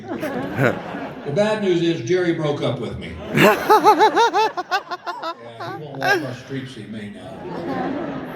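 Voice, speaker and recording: A man's voice: a little high, recorded from a distance. A middle-aged man doing stand-up comedy, telling self-mocking stories and acting out every quote. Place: casino theater stage. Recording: echoey hall recording from afar with crowd noise. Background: audience laughter.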